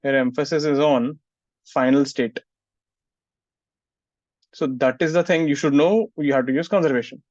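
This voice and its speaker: This physics teacher's voice sits on the high side with a darkish tone, and he talks at a normal speed, pausing often. While lecturing, he scolds students who don't listen and repeatedly asks "getting it?" There's no room sound, and the recording is muffled and dry.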